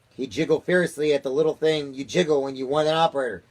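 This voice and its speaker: A man's voice: on the high side, fairly even intonation, quick pace, a little mellow. A man, a father reading a children's chapter book aloud to his daughter in a casual way. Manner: casual read-aloud, occasional chuckles.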